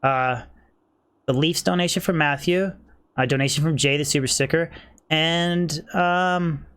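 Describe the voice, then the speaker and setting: A man's voice: on the high side, fairly even intonation, a little slow, fairly bright tone, smooth. A young man on a game livestream, chatting casually with viewers and keeping his voice down because his wife is asleep. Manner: chatty, rambling, reads and answers chat. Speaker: game streamer. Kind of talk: casual livestream chat while playing.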